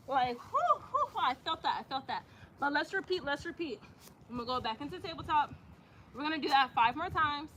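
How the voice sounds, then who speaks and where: Woman yoga teacher, high bright voice, chatty and encouraging, outdoors with faint ambience. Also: animated, moderate pace, slight background noise. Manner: chatty, encouraging, says y'all a lot. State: out of breath at times. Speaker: yoga instructor. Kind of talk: guiding a yoga practice. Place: outdoors in the sun.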